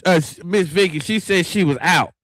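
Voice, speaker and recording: A man's voice: high-pitched, moderate pace, a bit bright, no echo. Male livestream host, folksy and chatty, talks straight to viewers, dry close sound. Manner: chatty, folksy, keeps addressing viewers as y'all. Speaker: talk show host. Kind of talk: casual livestream show hosting.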